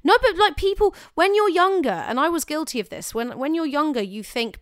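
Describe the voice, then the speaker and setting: A woman's voice: high-pitched, sing-song, a little fast, hardly any pauses, no echo, studio quality. A young woman co-hosting a casual talk show, giving acting advice in an emphatic, chatty way that often corrects itself. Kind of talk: casual chat.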